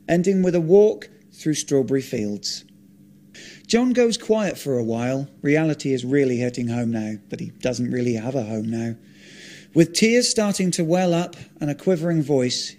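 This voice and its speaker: A man reading his own script aloud, narrating and voicing dialogue with deadpan, blunt comic asides. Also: medium pitch, moderate pace.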